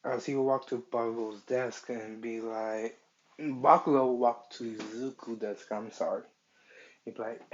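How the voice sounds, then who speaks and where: A man improvising a fan-fiction story, halting and searching for words as he goes, on a dull lo-fi recording. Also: medium pitch, fairly even intonation.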